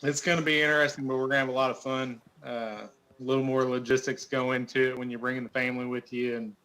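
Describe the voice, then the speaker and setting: A young adult man, a tournament angler, answers questions as a guest in a casual interview, humble and steady with frequent restarts. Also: mid-range voice, quick pace, poor audio.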